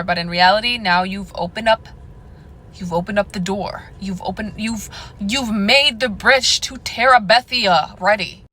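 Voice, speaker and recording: Young woman, sassy advice vlogger talking to camera, mid pitch, faint background noise. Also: pushed and bright, poor audio. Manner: sassy, addresses viewer as girl and honey. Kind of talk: direct-to-camera advice monologue.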